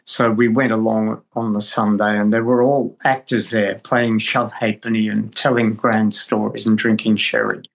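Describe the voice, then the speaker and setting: An older man, a guest actor, spinning a long anecdote with halting restarts. He talks in a relaxed, conversational way and comes through on a video call. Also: fairly low pitch, vocal fry, poor audio. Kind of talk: storytelling in conversation.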